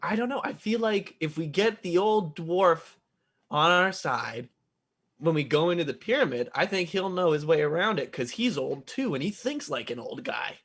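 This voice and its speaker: Animated, jokey woman player. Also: deep voice, moderate pace, husky. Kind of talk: comedic tabletop role-play.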